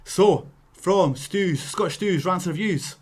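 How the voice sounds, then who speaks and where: A Scottish man, a wrestler, telling a story in a casual vlog, animated and laughing, with punchy sound effects. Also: sits high, slow pace, heavy background noise.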